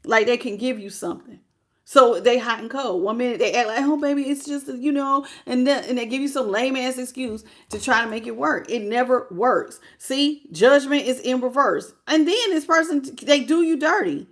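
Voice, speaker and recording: A woman's voice: a little high, moderate pace. Blunt, chatty woman tarot reader. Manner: blunt, colloquial, chatty with viewers. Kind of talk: casual tarot reading.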